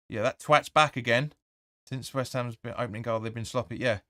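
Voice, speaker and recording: A fan channel host runs a live match watch-along, delivering blunt, opinionated commentary with swearing and reading viewer comments aloud. His mid-range voice is brisk, bright, and forceful, recorded dry with clean studio sound.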